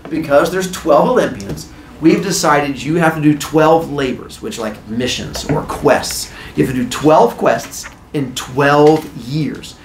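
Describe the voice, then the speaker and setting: A man hosting a podcast and telling a comic story in an animated, playful way. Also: a little high, unhurried, slight background noise. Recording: roomy echo.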